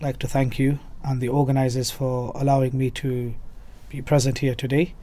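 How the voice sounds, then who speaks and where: A man from Leicester, a religious scholar, speaking as a guest in a measured, formal way. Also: mid-range voice, flat delivery, warm tone. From Leicester, England. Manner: measured, formal, opens with Arabic phrases. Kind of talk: podcast interview.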